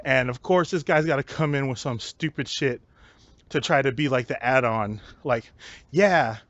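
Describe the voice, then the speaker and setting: A man's voice: mid-range voice, moderate pace, dry recording. A man casually telling a work story in a vlog, swearing a lot and laughing as he talks. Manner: profane, laughing often, animated storytelling. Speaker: vlogger. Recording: dull lo-fi recording with faint noise.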